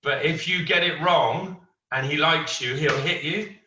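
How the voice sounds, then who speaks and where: Martial arts instructor in a roomy hall. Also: male voice, a little high, measured pace, slight background noise. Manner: storytelling, animated quoting of others. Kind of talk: class teaching with anecdote. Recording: roomy, distant, dull lo-fi.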